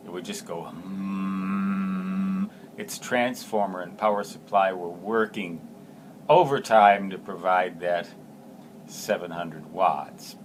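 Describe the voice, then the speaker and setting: A man in his sixties hosting a ham radio video, reminiscing casually in a rambling, unhurried way with frequent fillers and restarts. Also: fairly low pitch, slight background noise. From United States.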